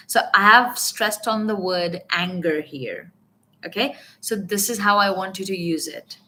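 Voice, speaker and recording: A woman's voice: fairly low pitch, measured pace. A woman coaching business English in a live online lesson, talking animatedly and checking in often with her viewers. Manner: animated teaching with repeated check-ins. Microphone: webcam or phone mic on a live stream.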